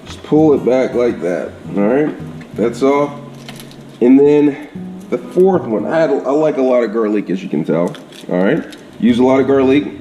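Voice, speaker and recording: A man talks through a home cooking demo in a relaxed, easygoing way, his voice mellow and warm. The kitchen sounds roomy and echoey, with soft guitar music faintly behind him. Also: medium pitch, moderate pace. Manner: chatty, repeats "all right?" and "absolute goodness". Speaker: home cook. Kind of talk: casual cooking demonstration.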